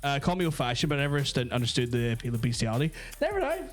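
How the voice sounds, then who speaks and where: A man's voice: mid-range voice, huge pitch swings, racing, soft background music. A young Northern Irish man hosting a crude comedy talk show, rambling with lots of fillers. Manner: rambling, lots of "like" and "you know".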